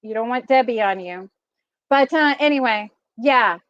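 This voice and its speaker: Middle-aged woman host, high, chatty voice, laughs a lot, dry slightly dull recording. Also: normal speed, smooth, no echo. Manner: animated, laughs often. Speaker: vlogger host. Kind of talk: casual chatty storytelling.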